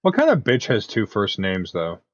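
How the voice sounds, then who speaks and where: A man's voice: lowish voice, normal speed. A young man hosting a podcast, telling stories in casual, profane chat. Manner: profane, animated storytelling. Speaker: podcast host. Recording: muffled lo-fi mic.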